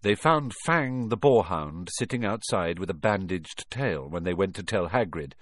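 A man reading a storybook aloud in an expressive, animated way. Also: deep voice, normal speed, no room sound, studio quality. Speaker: audiobook narrator. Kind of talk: storybook narration.

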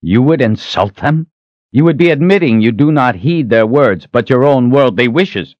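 A man's voice: mid-range voice, animated, no echo, dull audio, voice pushed up, lightly acted. Man voicing a fierce, commanding young hero. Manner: forceful, threatening, measured.

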